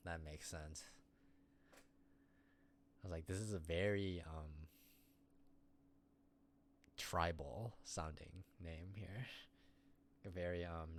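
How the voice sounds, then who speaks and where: A man's voice: deep voice, slight background noise. A man streamer rambling and joking through casual running commentary at his computer. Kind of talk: casual live-stream chat.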